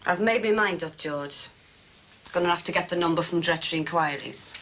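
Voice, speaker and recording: An actress playing a sharp, nagging wife. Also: female voice, on the low side, brisk, background noise, natural voice. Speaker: wife and mother. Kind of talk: soap opera acting.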